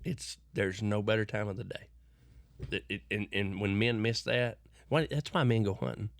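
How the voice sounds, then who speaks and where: A man's voice: on the low side, steady tone, normal speed, gravelly, no room sound, studio quality. A middle-aged man from West Texas with a West Texas accent, telling rambling, folksy stories in an interview and often restarting his words. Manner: folksy, repeats and restarts words, preachy bursts. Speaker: interview guest. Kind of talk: rambling conversational storytelling.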